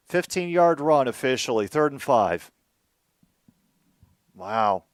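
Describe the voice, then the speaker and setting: A man hosting casual live commentary on a football game, moving from dry asides to excited outbursts. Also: mid-range voice, unhurried, clear, resonant tone, no echo.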